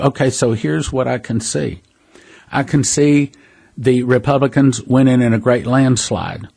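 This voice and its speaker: A man's voice: mid-range voice, darkish tone, slightly rough. A man hosting a prophecy ministry, giving an earnest, conversational preaching monologue and calling listeners brothers and sisters.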